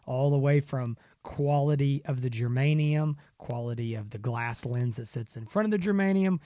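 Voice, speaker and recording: A man's voice: mid-range voice, normal speed, dark tone, no room sound, studio quality. A man co-hosting a podcast in casual chat, rambling with plenty of fillers and restarts. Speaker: podcast co-host.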